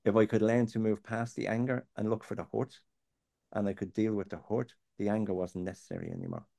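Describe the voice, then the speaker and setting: Gravelly deep-voiced man. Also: animated, a little fast, warm tone, no echo. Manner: earnest, plain-spoken, digressive. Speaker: guest speaking on faith. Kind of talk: candid conversational chat.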